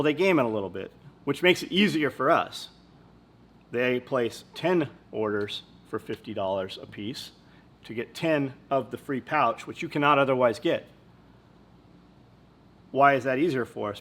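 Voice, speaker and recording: A man's voice: mid-range voice, a bit bright. A man hosting a podcast, telling rambling business anecdotes in blunt, casual talk full of swearing. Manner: blunt and profane, swears freely. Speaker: company owner and podcast host. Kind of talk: casual storytelling chat.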